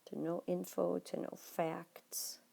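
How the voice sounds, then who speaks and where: A woman teaching a Spanish lesson, her voice low and mellow with a gravelly edge. She explains patiently and talks straight to her students. Now and then she drops to a soft murmur while writing on the page. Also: level tone, slow. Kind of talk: recorded classroom lesson notes.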